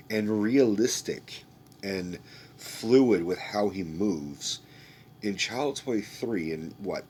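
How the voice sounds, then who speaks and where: Brief: young man, low deep voice, loose and swearing, rambling movie-review rant, faint background noise. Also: darkish tone. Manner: rambling, profane, restarting sentences.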